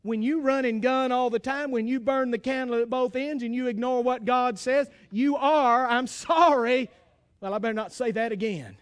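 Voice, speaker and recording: High-voiced folksy male preacher. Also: moderate pace, clear, resonant tone. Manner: folksy, emphatic, with humor. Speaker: pastor. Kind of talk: sermon.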